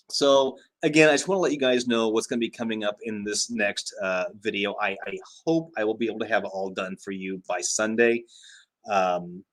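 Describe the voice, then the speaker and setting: A man's voice: on the low side, steady tone, normal speed. A man hosting a casual livestream, chatting and reading out viewer comments with frequent fillers and laughs. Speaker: livestream host.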